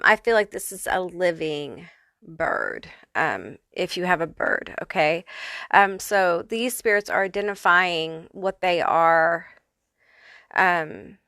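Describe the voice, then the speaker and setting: A woman's voice: lowish voice, bright, forceful tone, clean tone, no room sound. A woman giving a casual pick-a-card tarot reading who swears freely and laughs often. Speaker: tarot reader.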